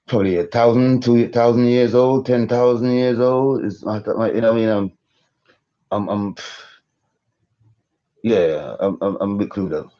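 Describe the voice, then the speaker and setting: A man's voice: mid-range voice, normal speed, pauses often, warm tone, highs cut off. A man in his thirties rambling through a live-stream monologue, repeating himself and swearing for emphasis. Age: 30s. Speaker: conspiracy vlogger.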